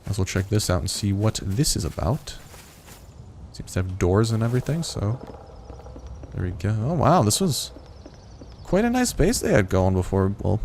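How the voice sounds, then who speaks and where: Guy with a lowish voice chatting through a survival game, rambly and laid back, faint ambient hum behind. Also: big pitch swings, moderate pace, pauses often, darkish tone. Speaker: gameplay video host. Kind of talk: casual gameplay commentary.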